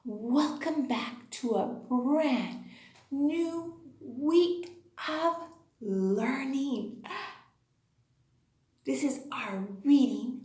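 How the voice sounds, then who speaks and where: A woman's voice: high voice, expressive, drawn-out words, pauses often, darkish tone, roomy sound. A woman teaching a kindergarten class, talking in a sing-song way with exaggerated enunciation, prompting and praising the children. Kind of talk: online class for young children.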